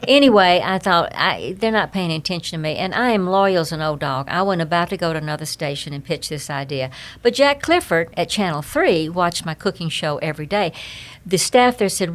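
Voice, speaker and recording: A woman's voice: lowish voice, normal speed. Joking older Southern woman. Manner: animated, joking, folksy sayings. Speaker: guest, humorist and speaker. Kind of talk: casual storytelling interview.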